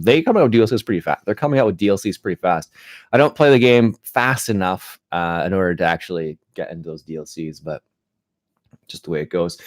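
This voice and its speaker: Low-voiced man chatting loosely. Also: no room sound, studio quality. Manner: rambling, relaxed, frequent restarts and fillers. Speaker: gaming channel host. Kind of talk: casual live-stream chat.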